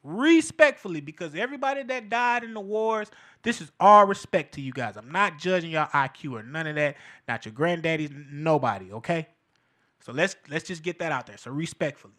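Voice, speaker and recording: A man with a high, bright voice talks through a loose, profane commentary monologue. His pitch leaps all over the place, and he keeps breaking into laughter as he makes his points. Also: lively intonation, brisk. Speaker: show host. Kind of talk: casual cultural commentary monologue.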